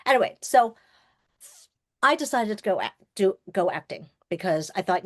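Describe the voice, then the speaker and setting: Lively storyteller woman in her sixties. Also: mid-range voice, normal speed, dry recording, clean studio sound. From Long Island, New York. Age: 60s. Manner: lively, acts out quoted dialogue, laughs often. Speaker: guest speaker, filmmaker. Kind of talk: personal storytelling in an interview. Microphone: webinar call microphone.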